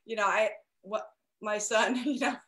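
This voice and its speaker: A woman's voice: medium pitch, fairly even intonation, measured pace, fairly bright tone. A woman hosting a parenting podcast, talking casually, laughing often and restarting her sentences. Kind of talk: casual conversation.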